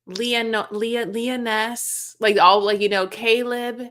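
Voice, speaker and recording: A woman's voice: on the high side, fairly even intonation, takes it slowly, fairly bright tone. A young woman co-hosting a casual recap chat, joking and acting out quotes with casual swearing. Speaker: podcast co-host.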